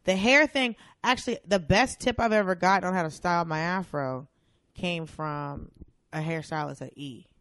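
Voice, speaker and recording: A woman guest on a podcast, telling stories in a casual, animated way and acting out other people's voices. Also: lowish voice, normal speed, no room sound, clean studio sound. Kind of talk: casual storytelling chat.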